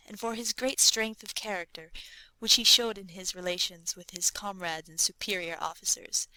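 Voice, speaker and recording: A woman reads a classic novel aloud in steady, measured narration. Her voice is bright and of middle pitch, recorded dry and close with no room sound. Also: no room sound, poor audio. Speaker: audiobook narrator.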